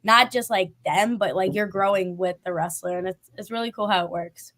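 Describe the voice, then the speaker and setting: A woman's voice: mid-range voice, moderate pace, fairly bright tone. A woman hosting a casual interview, chatty and enthusiastic, laughing often. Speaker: podcast host.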